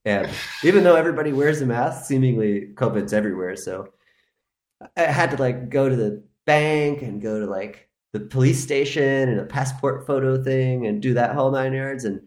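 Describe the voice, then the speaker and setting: A man rambles through a casual story as a podcast guest, filling it with "like" and loose asides. His voice sits at an ordinary middle pitch. It echoes around a roomy space. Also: moderate pace, a little mellow. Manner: rambling storyteller, heavy use of filler "like". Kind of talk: casual chat. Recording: roomy echo.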